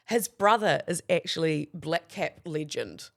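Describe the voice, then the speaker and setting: A woman in her thirties with a New Zealand accent, co-hosting a podcast and telling stories in a casual, animated way, acting out quoted voices and swearing freely. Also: low voice, unhurried, gravelly. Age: 30s. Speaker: podcast co-host. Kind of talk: casual chat storytelling.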